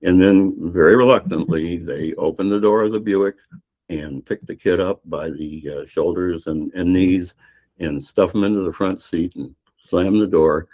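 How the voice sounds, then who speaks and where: Very deep older man retelling a story. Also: a little mellow. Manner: rambling storyteller with many restarts and fillers. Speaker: novelist guest. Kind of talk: retelling a novel's plot in a podcast interview.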